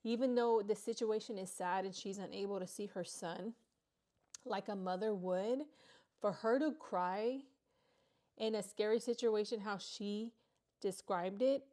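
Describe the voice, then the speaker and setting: Woman, commentary host, casual, candid, mid pitch. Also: a little slow. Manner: candid, explaining her take in a steady talk.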